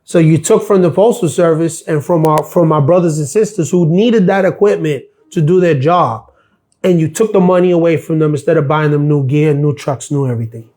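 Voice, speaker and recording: A man's voice: on the high side, brisk, dark tone. A middle-aged man hosting a live stream, ranting bluntly and sarcastically about his workplace and swearing freely. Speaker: live stream host, former mail carrier.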